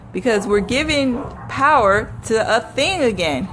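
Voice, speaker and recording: A woman's voice: a little high, lively intonation, a little slow, few pauses, a bit bright, a little hiss or hum, poor audio. A woman giving a live motivational talk to her viewers, repeating affirmations earnestly and laughing often. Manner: speaks to viewers by name. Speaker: motivational speaker.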